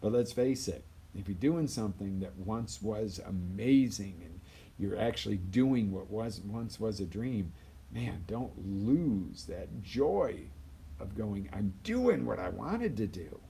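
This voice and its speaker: A man giving a live motivational talk as a life coach, energetic, swinging between loud bursts and quiet asides and acting out quoted voices. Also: on the low side, slow pace, creaky, slightly rough.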